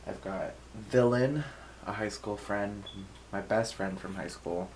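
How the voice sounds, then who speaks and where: Give me a teary young man, talking slowly and softly at home late at night, with a faint hum behind him. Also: lowish voice, low-quality recording. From Hawaii. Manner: rambling, soft, with many fillers and nervous laughs. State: emotional, teary. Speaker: vlogger. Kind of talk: casual late-night vlog talk.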